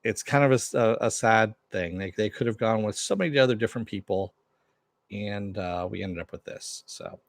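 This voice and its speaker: A man's voice: on the low side, moderate pace, vocal fry, dry recording. A man hosting a casual TV recap and review, blunt and rambling, with many restarts and fillers, answering live chat while wearing headphones. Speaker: show host.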